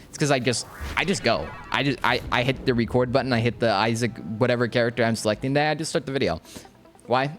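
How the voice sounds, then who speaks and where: A young man talks over his gameplay in a loose, slangy ramble, tripping over restarts as his thoughts run ahead of him. His voice sits at an ordinary middle pitch. Quiet game music plays under his talk. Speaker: gaming YouTuber.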